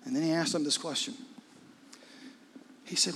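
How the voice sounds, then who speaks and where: A man preaching a sermon in a conversational, intimate way, often dropping into hushed asides. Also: on the high side, steady tone, moderate pace, a little hiss or hum. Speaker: pastor.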